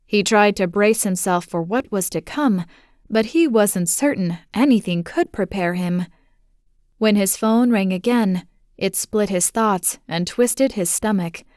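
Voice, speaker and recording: Slow, measured woman narrating an audiobook. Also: medium pitch, no echo, studio quality. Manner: measured, steady storytelling.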